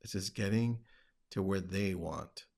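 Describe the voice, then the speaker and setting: Gravelly low-voiced man talking shop. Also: a little slow, darkish tone. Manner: conversational, acts out phone calls in a livelier voice. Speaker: podcast host and real estate coach. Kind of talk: casual talk.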